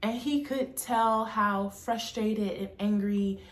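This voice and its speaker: A young adult woman telling a personal storytime tale in an animated, emphatic way. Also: mid-range voice, takes it slowly, roomy sound. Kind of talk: storytime monologue.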